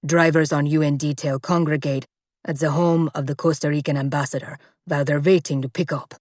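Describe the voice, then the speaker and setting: A woman voicing a stern, terse male bodyguard in an audiobook, speaking gruffly. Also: low-pitched, fairly even intonation, a little fast, darkish tone, no room sound, voice pushed down. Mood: grim.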